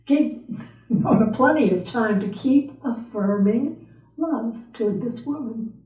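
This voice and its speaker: A woman pastor telling a story in a sermon, slow and expressive, acting out the people in it. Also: fairly high pitch, dull audio. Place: church sanctuary. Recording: echoey church room from a distant mic.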